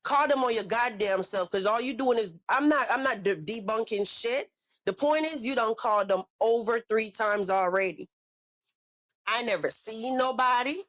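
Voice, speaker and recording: A woman's voice: a little high, moderate pace, fairly bright tone. A woman hosting a livestream, ranting angrily and profanely at critics in a confrontational way, with a Southern US accent. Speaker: livestream host. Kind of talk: heated livestream rant.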